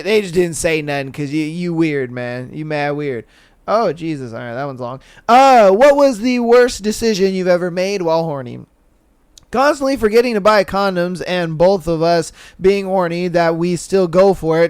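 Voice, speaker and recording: A man hosting a podcast, chatting casually and reading listener stories aloud in a slangy, animated way, swearing often and laughing at his own jokes. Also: sits high, clean tone, dry recording. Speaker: podcast host.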